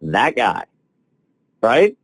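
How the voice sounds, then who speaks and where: A man coaching salespeople on a training call, telling stories with excitement and lively swings in his voice. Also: medium pitch, very slow, breathy edge, dry recording, low-quality recording. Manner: enthusiastic, animated storytelling with big swings.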